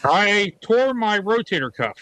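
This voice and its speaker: Man, high voice, bright, matter-of-fact, casual call. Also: very animated, a little slow, no echo, low-quality recording. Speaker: livestream guest. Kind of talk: casual group chat.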